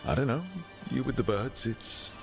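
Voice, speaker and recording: A man's voice: mid-range voice, moderate pace, creaky, big-room sound, soft background music, lightly acted. An actor voicing an easygoing young male hero who talks mildly and a little hesitantly. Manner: mild, hesitant.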